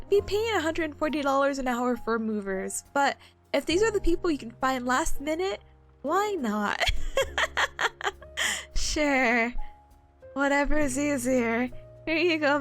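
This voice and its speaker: A young woman streamer chats with her audience in a high voice that leaps all over the place. She rambles, laughs constantly and lets her feelings show, with soft music playing faintly underneath. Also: lively intonation, measured pace. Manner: laughs often, emotional and rambling. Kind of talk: casual chat with viewers.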